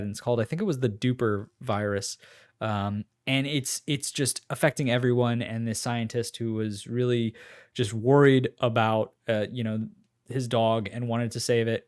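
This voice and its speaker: A man co-hosts a casual podcast, recapping game demos in a loose, rambling way. He uses lots of fillers and his voice sits at an ordinary middle pitch. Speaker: podcast co-host.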